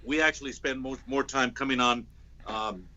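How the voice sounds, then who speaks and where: A man on a podcast panel speaking in a halting way, restarting phrases as he talks casually. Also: medium pitch, sharp tone, lo-fi sound. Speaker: podcast guest.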